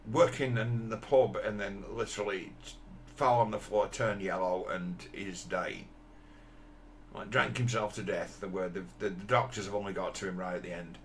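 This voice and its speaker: Man, 50s, low gravelly voice, blunt and sweary, halting restarts. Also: a bit bright, a little hiss or hum. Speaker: commentator. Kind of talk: rambling personal monologue.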